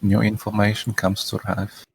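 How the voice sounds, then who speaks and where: A man speaking as his character in a tabletop game, formal and measured. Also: on the low side, completely flat delivery, vocal fry, husky, no room sound, rough recording. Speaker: player. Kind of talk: in-character role-play.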